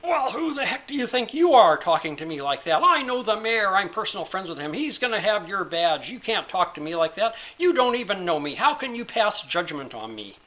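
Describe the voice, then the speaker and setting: Guy putting on a screechy rich businessman freaking out, way up high and loud. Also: very animated, brisk, few pauses, full character voice, rough recording. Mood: outraged. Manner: shrill, frantic yelling. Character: ranting rich male businessman, self-absorbed and furious.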